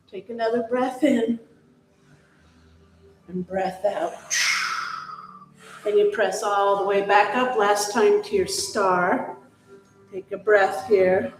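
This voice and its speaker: A woman leading a yoga class, giving calm, encouraging cues and breath prompts. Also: fairly high pitch, heavy reverb, low-quality recording. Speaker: yoga instructor. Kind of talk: guided yoga class instruction.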